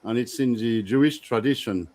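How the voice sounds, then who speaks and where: A man's voice: medium pitch, moderate pace, darkish tone. A man speaking as a guest author on a live panel, talking hesitantly while politely filling time.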